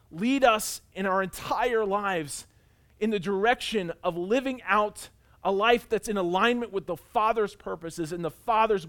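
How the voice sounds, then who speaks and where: A male pastor preaching a sermon and telling a personal story, earnest, rising to loud emphasis and dropping to quiet intensity. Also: high voice.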